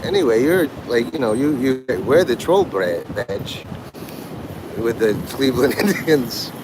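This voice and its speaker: Walking outdoors on a livestream, a man chats casually, rambling, joking and mimicking other people in quick quoted voices. His voice is mid-range and expressive, with background noise behind it.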